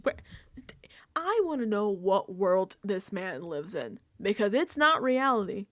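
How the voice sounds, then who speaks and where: A woman hosting a reality TV recap, ranting casually and acting out quotes in an exasperated, animated way. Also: mid-range voice, measured pace, no room sound.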